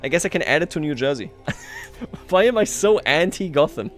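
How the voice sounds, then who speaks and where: A man's voice: on the high side, animated, moderate pace, a bit bright, soft background music. Chatty man streaming a strategy game. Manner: chatty, self-mocking, chuckles often. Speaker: livestreamer. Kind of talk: casual gameplay commentary.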